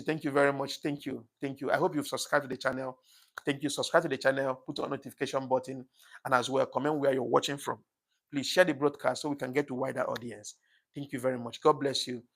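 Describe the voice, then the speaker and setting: Man, livestream host, mid-range pitch, rough gravelly tone, casual, repeats thanks, emotional. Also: fairly bright tone. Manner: emotional, says things get to him easily. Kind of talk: casual live-stream chat reading comments.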